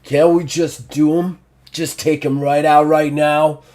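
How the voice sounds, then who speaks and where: A man's voice: a little high, flat delivery, a little slow, a little mellow, voice pushed up, natural voice. A man playing a brutish bull mutant bully. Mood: vengeful. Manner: boastful, taunting growl. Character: hulking male bull mutant, brutish and vengeful.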